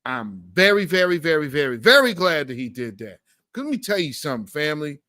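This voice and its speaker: A man's voice: fairly high pitch, sing-song, fairly quick, sharp tone, no room sound, clean studio sound. A man hosting a political commentary show, talking in an emphatic, slangy, fired-up way.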